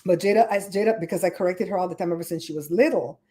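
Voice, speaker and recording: A woman's voice: lowish voice, very fast. Chatty woman host with a Caribbean accent. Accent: Caribbean English. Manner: chatty, animated storyteller, fussy about grammar. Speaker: podcast host. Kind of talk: casual livestream chat. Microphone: streaming setup microphone.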